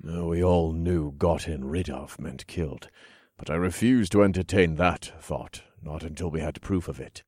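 Here an audiobook narrator, a man with a very deep voice and a breathy edge, reads a first-person fantasy story at normal speed. His manner is calm and even, and the sound is dry and close with no room ambience.

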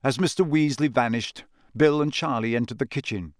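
A man reading a story aloud as audiobook narrator in steady storytelling. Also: mid-range voice, moderate pace, dry recording, clean studio sound. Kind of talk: scripted narration.

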